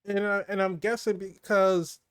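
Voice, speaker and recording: A man talking through a film with a friend, in a voice a little higher than most. The recording is close and dry, with no room sound. He stays animated, laughs easily, and sinks his voice low when he wants to stress something. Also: moderate pace, smooth, no room sound. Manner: animated, laughs often, drops low for emphasis. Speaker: movie review co-host. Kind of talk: casual movie review chat.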